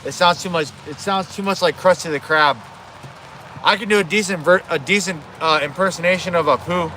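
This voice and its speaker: Casual male streamer, rambling and profane, bright tone, faint outdoor hiss. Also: fairly high pitch, brisk. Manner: rambling, self-correcting, swears. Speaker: livestreamer. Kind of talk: casual livestream chat. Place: outdoors at home.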